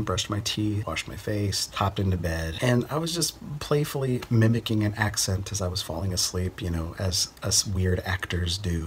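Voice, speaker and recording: A young man from Central Texas casually telling a personal story, rambling and relaxed with lots of fillers and sighs. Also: lowish voice, slight background noise.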